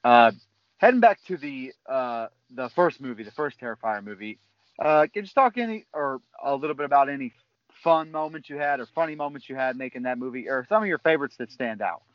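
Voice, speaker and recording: A man hosting an interview, asking quick, rambling questions with fillers. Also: mid-range voice, animated, no echo, highs cut off. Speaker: interviewer host.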